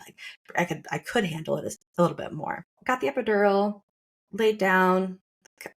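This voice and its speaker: Chatty young woman telling a story. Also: lowish voice. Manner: chatty, with frequent "like" fillers and quoted asides. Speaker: podcast host sharing her birth story. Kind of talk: casual conversational storytelling.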